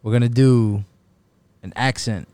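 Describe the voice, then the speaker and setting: A man's voice: medium pitch, fairly even intonation, a little slow, dark tone, clear, resonant tone, no echo. A man co-hosting a casual podcast, teasing the others in laid-back slang. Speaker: podcast co-host.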